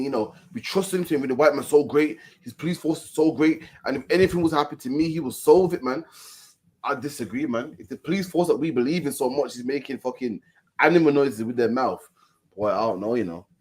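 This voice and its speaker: A man's fairly quick, mid-range voice with a darkish tone carries this casual, preachy street commentary. Lines often end with "man," he repeats himself, and there's mocking mimicry throughout.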